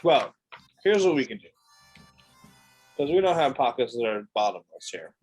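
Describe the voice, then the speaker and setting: Man calmly bargaining in a tabletop role-play. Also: medium pitch, breathy edge, faint music behind, rough recording. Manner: diplomatic, lays out options deliberately. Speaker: tabletop game player.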